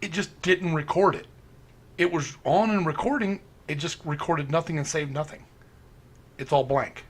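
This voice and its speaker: A man's voice: a little high, moderate pace. A man casually telling stories as a paranormal investigator, acting out quotes and laughing often. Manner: animated storyteller, acts out quotes, laughs often. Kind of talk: casual storytelling chat.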